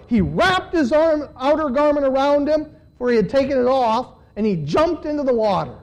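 A man's voice: very high-pitched, moderate pace, hardly any pauses, poor audio. A man preaching a sermon, reading a Bible passage aloud and stopping to comment on it, his voice lifting with emphasis as he reads. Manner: reads scripture with rising, animated emphasis.

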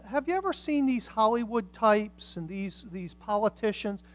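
A woman preaching a sermon with passion, swinging from hushed lines to loud, emphatic ones. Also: mid-range voice, animated, normal speed, slight background noise.

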